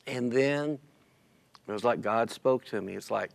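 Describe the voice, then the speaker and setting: On a church stream recording, a man gives a casual interview about a personal loss, tearful and emotional, quoting his own words and those of others. He sounds animated, with a gravelly medium-pitched voice at a moderate pace.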